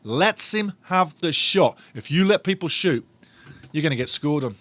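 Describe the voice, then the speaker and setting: Excitable fan calling a match. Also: male voice, a little high, normal speed, no echo. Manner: animated, repeats phrases, laughs often. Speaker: fan commentator on a watch-along stream. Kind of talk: excited live match commentary.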